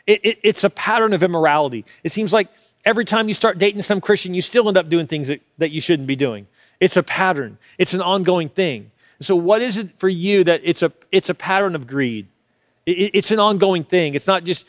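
A man preaching a sermon as a pastor, swinging from loud, urgent pleas to hushed, low asides, often repeating words as he builds. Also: brisk, no echo, studio quality. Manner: repeats words and restarts when fired up.

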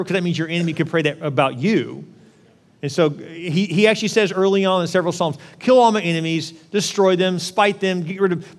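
A male pastor preaching a conversational sermon, often acting out prayers in a lively voice. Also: a little high. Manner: conversational, acts out prayers in an animated voice. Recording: long reverb of a large hall.

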